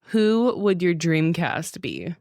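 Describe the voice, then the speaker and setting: A woman in her thirties hosting a book podcast, relaxed and laughing along as she asks questions. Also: lowish voice, slow pace, no echo. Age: 30s. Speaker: podcast host. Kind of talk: casual interview chat.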